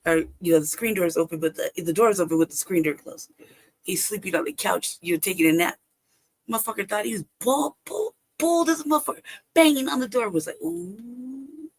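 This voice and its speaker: A woman's voice: medium pitch, lively intonation, quick pace. Woman from Los Angeles, casual storyteller, heavy swearing, frequent laughs, livestream call. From Los Angeles, California. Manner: profane, laughs often mid-story. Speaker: livestream guest.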